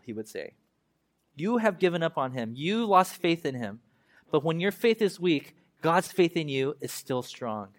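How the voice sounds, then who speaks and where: A man preaching a conversational sermon, animated and acting out voices of God and the prophet, laughing now and then. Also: fairly high pitch, measured pace. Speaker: pastor.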